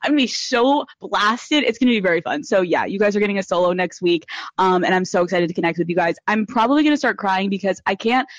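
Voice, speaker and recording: A woman's voice: mid-range voice, lively intonation, quick pace, no room sound, highs cut off. A woman hosting a podcast live, giving blunt, profane advice and gushing over her listeners in casual chat. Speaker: podcast host.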